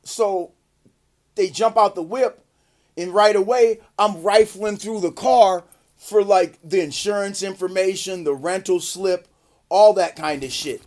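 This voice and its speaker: A man telling a casual, profane story to his viewers, acting out the quotes loudly. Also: sits high, unhurried. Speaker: vlogger.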